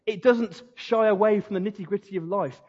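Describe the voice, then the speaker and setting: High-voiced husky pastor in a hall. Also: male voice, brisk, a little mellow. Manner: earnest, conversational preaching. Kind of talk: sermon. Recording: dull lo-fi sound in a reverberant hall.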